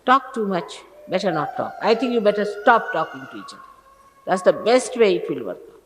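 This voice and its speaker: A woman's voice: mid-range voice, big pitch swings, a little fast. A woman, a spiritual teacher, giving an admonishing sermon to her followers in an old archival recording. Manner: scolding, admonishing, emphatic. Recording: old archival recording with long reverb and faint hiss.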